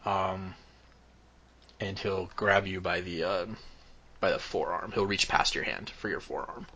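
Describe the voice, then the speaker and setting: A man's voice: deep voice, fairly even intonation, measured pace, bright, forceful tone, dull audio. A man serving as game master, narrating a tabletop game in a loose, explaining way with lots of fillers.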